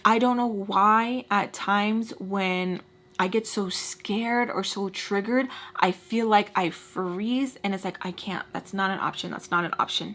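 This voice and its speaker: A woman chats straight to her viewers in a relaxed storytime, swearing often and slipping into quick voices for the people she describes. Her delivery is expressive and unscripted, with fillers and restarts. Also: medium pitch. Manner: expressive, swears freely, acts out scenes with quoted voices. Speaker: storytime vlogger. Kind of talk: casual storytelling to camera.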